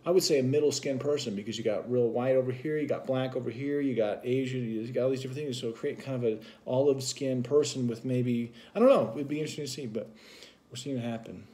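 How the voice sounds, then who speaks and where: A man's voice: mid-range voice, fast, warm tone. Man musing in a rambling vlog talk. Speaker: vlog co-host. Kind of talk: casual explanatory talk.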